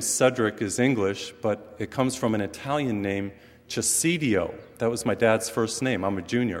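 A middle-aged man from western Massachusetts, a priest preaching a sermon with animated emphasis and light humor. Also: medium pitch. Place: church. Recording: long reverb from a large hall.

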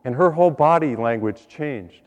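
A priest giving an earnest sermon, repeating words and building to higher emphasis on key points. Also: male voice, expressive, normal speed, in a large hall, dull audio. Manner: earnest, repeats words, rises in pitch when stressing a point.

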